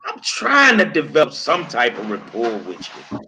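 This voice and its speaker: Profane, bright-voiced male talk host. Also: mid-range voice, wildly swooping pitch, normal speed, a little hiss or hum. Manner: blunt, profane, slangy trash talk. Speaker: show host. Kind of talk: casual political talk show banter.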